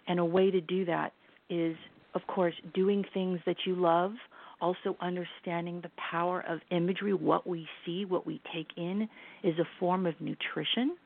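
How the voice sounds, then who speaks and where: A middle-aged woman as an interview guest, talking in an earnest, reflective way with hesitant restarts. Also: lowish voice. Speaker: guest, lifestyle brand founder. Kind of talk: casual interview chat. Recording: tinny phone line.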